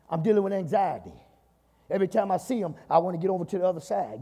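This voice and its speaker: A Southern US pastor preaches to his church in a very high, husky voice with a mellow, dark color. He keeps breaking in with "my God" and calls out to the congregation. The sound carries a long hall reverb. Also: quick pace. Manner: call-and-response preaching, repeats "my God". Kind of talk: sermon. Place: church sanctuary.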